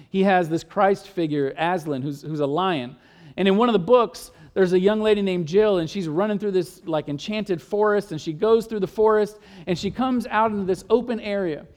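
A man's voice: sits high, a little mellow. A man preaching a sermon, telling Bible stories with emphasis and often repeating words as he goes.

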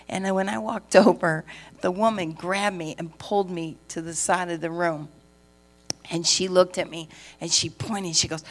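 Middle-aged woman preacher, slightly low voice, lively storyteller who acts out every line of dialogue. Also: normal speed. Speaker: pastor's wife and preacher. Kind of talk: sermon testimony.

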